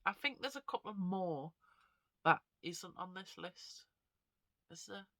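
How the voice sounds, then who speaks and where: Vlogger with a cold, bright tense tone, dry close sound, rambling and self-deprecating. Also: mid-range voice, lively intonation, slow pace, no room sound. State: stuffy nose from a cold. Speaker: vlogger and actor. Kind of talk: casual chat to camera.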